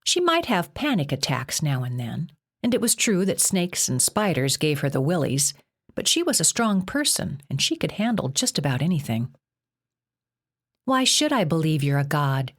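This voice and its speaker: A woman narrating an audiobook in a steady, measured way. Her voice is low and deep for a woman. The reading stays even from line to line. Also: husky. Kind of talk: scripted narration.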